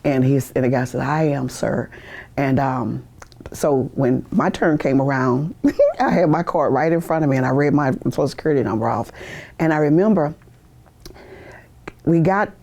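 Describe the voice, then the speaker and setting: A woman in her sixties speaks in a low, mellow voice and tells her stories with easy humor. She breaks into laughter now and then and acts out what others said. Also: animated, normal speed, pauses often. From United States. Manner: storytelling, laughs often, acts out quoted voices. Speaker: veteran interviewee. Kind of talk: oral history interview. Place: university media studio.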